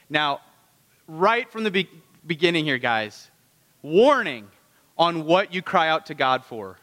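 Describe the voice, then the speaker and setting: A man's voice: fairly high pitch, big pitch swings, unhurried, long pauses, pushed and bright, big-room sound. A man preaching a conversational sermon. He keeps asking the congregation rhetorical questions. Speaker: pastor.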